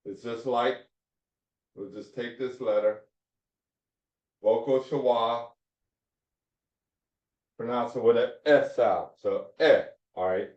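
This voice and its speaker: A man's voice: medium pitch, slow pace, pauses often, a little mellow, far from the mic. A man teaching a Hebrew phonics lesson to a class, repeating each point and checking in with "all right?". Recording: dull echoey classroom recording.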